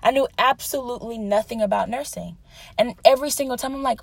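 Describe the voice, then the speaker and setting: Earnest young woman teaching, creaky husky voice. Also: a little high, fairly even intonation, brisk, dry recording. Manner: earnest, conversational, laughing at herself. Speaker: Bible teacher. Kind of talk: devotional teaching with personal stories.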